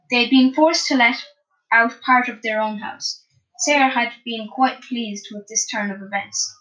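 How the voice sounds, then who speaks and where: A woman reading a novel chapter aloud in steady storytelling narration. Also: fairly high pitch, low-quality recording. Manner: steady storytelling with small restarts. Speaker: audiobook narrator. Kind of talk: audiobook narration.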